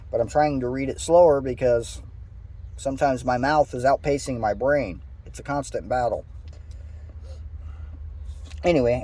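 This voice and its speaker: A man's voice: mid-range voice, warm tone. A man casually reading a scripture passage aloud, stumbling over words now and then and adding his own asides. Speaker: Bible reader.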